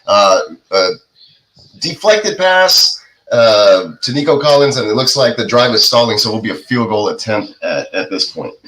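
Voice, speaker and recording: A man's voice: fairly low pitch, animated, normal speed, bright, forceful tone, poor audio. A man hosting a fantasy football watch-party podcast, giving casual play-by-play with lots of fillers. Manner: laid-back, filler-heavy play-by-play. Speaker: podcast host. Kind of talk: casual live game commentary.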